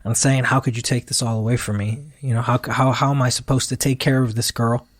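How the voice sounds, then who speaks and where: A man's voice: medium pitch, brisk, no echo, studio quality. Man retelling a story with acted-out quotes. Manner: animated retelling that acts out quoted dialogue. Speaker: guest musician. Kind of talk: storytelling in a podcast interview.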